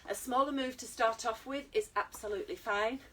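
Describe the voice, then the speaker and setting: British woman, fitness instructor, chatty, encouraging, fairly high voice, distant mic. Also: a little fast, pushed and bright, slight background noise. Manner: chatty, encouraging, self-deprecating. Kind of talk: online exercise class instruction.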